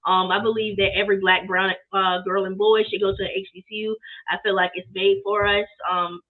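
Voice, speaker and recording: Brief: young woman, animated storyteller, quick pace, phone-like sound. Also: medium pitch. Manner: lively storytelling, acts out quoted people. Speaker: guest, apparel business owner. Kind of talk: casual interview talk. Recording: tinny phone-line sound.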